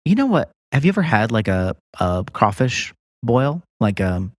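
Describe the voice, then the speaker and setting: A man's voice: mid-range voice, very animated, normal speed, no echo, studio quality. A man co-hosting a podcast in casual, joking chat, laughing often. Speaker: podcast co-host.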